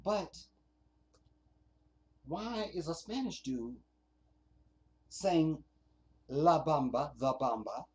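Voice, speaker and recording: A man's voice: a little high, animated, drawn-out words, long pauses, a little mellow. A man hosting a casual livestream, rambling and swearing as he reads out viewer comments. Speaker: livestream host.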